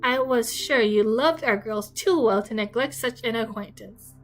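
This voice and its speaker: A woman voicing a fretful, excitable middle-aged mother, complaining in a shrill, fussy way. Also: normal speed, soft background music, close to an everyday voice, low-quality recording. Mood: fussing.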